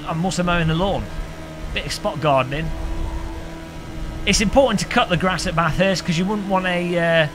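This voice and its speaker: A man streaming a racing game live, joking with chat and commentating excitedly. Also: high-pitched, moderate pace, pauses often. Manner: excitable, jokey banter with chat. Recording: game engine noise behind voice.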